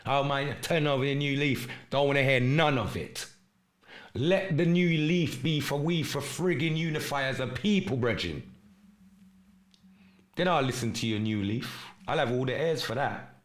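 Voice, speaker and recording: A man hosting a live stream podcast, delivering an urgent, preachy monologue in street slang and shouting out viewers in the chat. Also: medium pitch, moderate pace. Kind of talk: impassioned livestream monologue with chat shout-outs.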